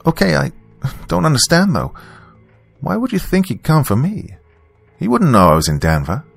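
A man voicing a distressed young adult daughter who talks in a shrill, indignant way. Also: big pitch swings, moderate pace, vocal fry, breathy edge, no room sound, faint music behind, full character voice. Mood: worried.

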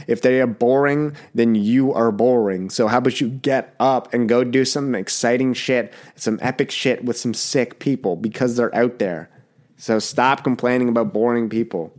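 A man's voice: medium pitch, darkish tone. A young man hosting a casual solo podcast, talking bluntly and rambling with swearing, a little sick. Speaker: podcast host.

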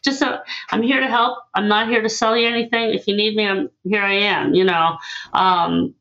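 Animated woman telling stories. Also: medium pitch, moderate pace, highs cut off. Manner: animated, acts out dialogue in her stories. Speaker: guest, listening expert. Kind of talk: conversational storytelling.

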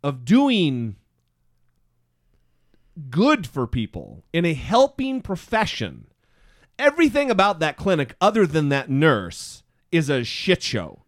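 Podcast co-host, male, hoarse, animated and profane, dry close mic. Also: fairly high pitch, slow, no room sound. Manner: animated storytelling, swearing freely. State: hoarse voice from a throat illness. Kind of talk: casual chat.

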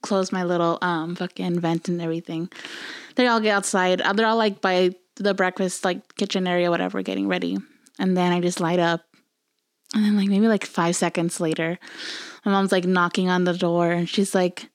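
A woman's voice: fairly low pitch, normal speed, no room sound, clean studio sound. Casual swearing woman telling a story. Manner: storytelling, swearing, acts out quotes. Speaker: podcast co-host. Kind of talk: casual chat.

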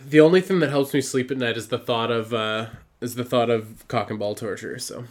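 A man's voice: mid-range voice, a little fast. A man co-hosting a podcast in casual chat, rambling and laughing through crude banter. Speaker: podcast co-host.

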